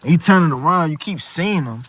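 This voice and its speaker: A man's voice: on the high side, animated, a little fast, a bit bright, dry recording. A man preaching a sermon in an emphatic, repetitive way, often tagging his phrases with "man".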